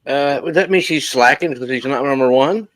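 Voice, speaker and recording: A man co-hosting a podcast in casual chat, relaxed, chiming in with questions. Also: medium pitch, brisk, dry recording. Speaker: podcast co-host.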